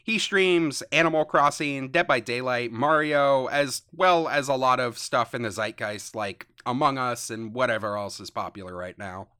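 A man's voice: mid-range voice, moderate pace, hardly any pauses, bright, forceful tone, clean tone, no room sound. A man co-hosting a casual chat, reading out viewer comments and dropping wry, dry asides. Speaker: podcast co-host.

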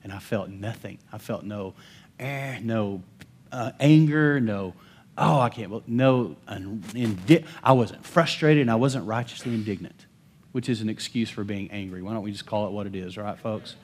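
A man preaching a sermon as pastor, emphatic and swinging between bold calls and hushed asides, often calling to the congregation for amens. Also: fairly low pitch, moderate pace, husky.

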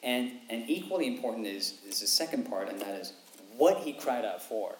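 Male preacher, 30s to 40s, mid pitch, animated and repetitive, echoey room. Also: normal speed, slight background noise. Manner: animated, repeats phrases for emphasis, acts out quotes. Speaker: pastor. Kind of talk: sermon. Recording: echoey room, faint ambience.

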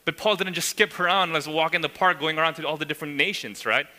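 A man preaching in a church sanctuary, his voice bright and forceful with a slightly high pitch. He talks emphatically, explaining scripture and checking in with his listeners. A long reverb trails after his words. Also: fast talker. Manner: emphatic, frequent tag questions, voices God's words. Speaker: pastor. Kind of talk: sermon.

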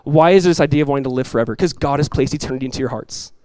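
A man's voice: medium pitch, rapid-fire, no echo, low-quality recording. Conversational preacher, a man. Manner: conversational, animated storytelling with asides. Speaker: pastor. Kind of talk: sermon.

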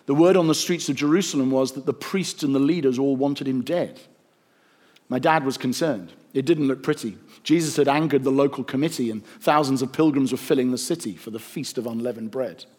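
A man narrating a rhyming story in a gentle, rhythmic storytelling manner. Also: mid-range voice.

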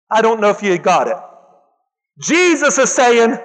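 A male preacher with a strikingly high voice delivers an emphatic sermon, repeating lines for weight and calling out to the room. His voice rings with long reverb from a large hall. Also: big pitch swings, a little slow, long pauses, a bit bright. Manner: emphatic, repeats phrases for effect, calls out to the congregation.

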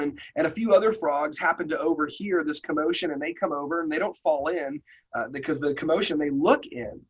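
A podcast host tells a motivational story in a folksy, animated way. His voice is a little high and has a husky, breathy edge. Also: poor audio.

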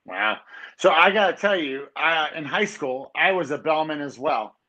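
A man's voice: a little high, animated, normal speed, pushed and bright, rough recording. A man hosting an interview, telling stories in a loose, chatty way. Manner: loose, chatty storytelling with lots of "like" and "you know". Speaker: podcast host. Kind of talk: casual interview.

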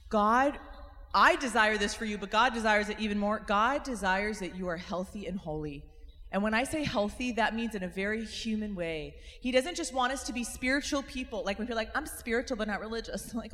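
A woman in her thirties giving a lively faith talk to a live audience. She often calls on the crowd for a response. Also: mid-range voice. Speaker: speaker. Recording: long hall reverb.

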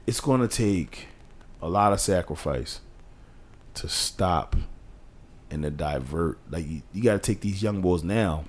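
Unhurried and animated, with long pauses, a man co-hosts a laid-back podcast. He talks passionately, raising his pitch to hammer home points and lowering it to quote other people.

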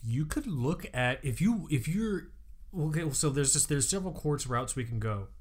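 A man co-hosting a podcast in a relaxed chat. He talks in a playful, teasing way, tossing off quick asides. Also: fairly high pitch, slightly rough. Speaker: podcast co-host. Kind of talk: casual chat.

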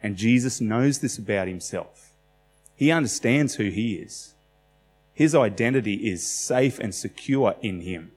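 A man's voice: fairly low pitch, lively intonation, measured pace, a little mellow, big-room sound, soft background music. A man preaching a sermon in a conversational, emphatic way, telling stories with animation.

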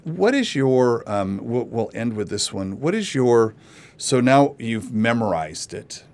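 A man's voice: mid-range voice, sing-song, slow, darkish tone. A man hosting a casual interview podcast, rambling with many restarts. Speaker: podcast host.

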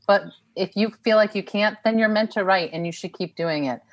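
A woman's voice: mid-range voice, moderate pace. A woman, a writer on a panel, speaking earnestly and encouragingly over a video call. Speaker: panel guest, author. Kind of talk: casual panel conversation.

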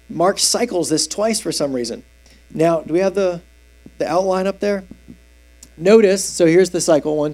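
A man's voice: a little high, a little mellow. A man preaching a casual, conversational sermon through a Bible passage, asking his audience questions and explaining the verses in everyday terms. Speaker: preacher, youth teacher. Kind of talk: expository sermon.

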